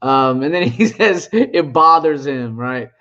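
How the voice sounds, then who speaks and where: A man's voice: fairly high pitch, animated, a little slow, pushed and bright. Rambling, mocking man in his forties. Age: 40s. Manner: rambling, retells an argument with quoted lines; trash-talking, mocking. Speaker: channel host. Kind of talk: casual storytelling monologue. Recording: dull lo-fi audio.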